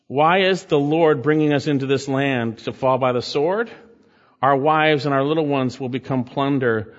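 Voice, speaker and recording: Male pastor, mid-pitched preaching voice, reads scripture and exhorts the congregation, muffled recording with long hall reverb. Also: fairly even intonation, normal speed. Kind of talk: sermon with scripture reading.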